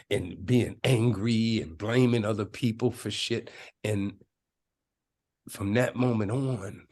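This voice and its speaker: An older man of about seventy tells his story as an interview guest. His voice has a gravelly rasp, and he speaks emphatically and streetwise, often tossing in "right?" to the listener. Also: lowish voice. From South Side of Chicago. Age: around 70. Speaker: guest, film director.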